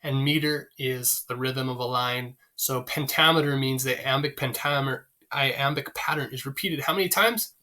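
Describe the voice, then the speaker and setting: Chatty male teacher, bright voice. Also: medium pitch, moderate pace, few pauses. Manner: chatty, with frequent fillers and rhetorical questions. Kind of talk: recorded literature lecture.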